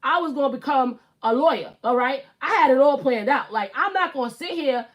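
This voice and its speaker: A woman's voice: high-pitched, animated, fairly quick, highs cut off. A woman in her thirties with a Brooklyn accent, hosting a casual live stream and talking bluntly, with swearing and emphatic repeats. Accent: Brooklyn New York. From Brooklyn, New York. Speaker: YouTube live host.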